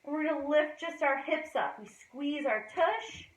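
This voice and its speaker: A woman's voice: sits high, expressive, a little slow. A woman gymnastics instructor demonstrating moves for a children's class, giving encouraging, sing-song cues. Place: indoor gym. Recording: echoey gym from a distance.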